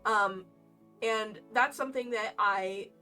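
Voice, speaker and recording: A young woman streamer chatting casually in a storytime while crocheting, animated and laughing as she retells things. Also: medium pitch, slow. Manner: animated, laughing, dramatic voice swings when retelling. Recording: faint lo-fi music behind, slightly distant mic. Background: lo-fi game music.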